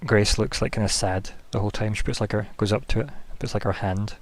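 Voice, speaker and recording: A man narrates a tabletop game as game master. His voice sits on the low side, and he rambles casually, full of fillers and restarts. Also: fairly even intonation, fairly quick, no room sound.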